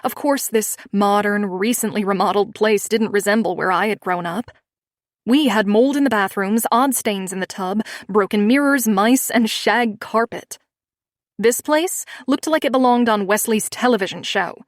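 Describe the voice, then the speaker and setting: A woman narrating a romance audiobook in the first person, with a measured, expressive reading. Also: medium pitch, no echo, clean studio sound.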